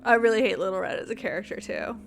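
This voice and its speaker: A woman's voice: medium pitch, fast talker, gravelly, a little hiss or hum. A woman streaming a game, chatting casually with viewers in a rambling, giggly way. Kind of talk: casual live-stream chat.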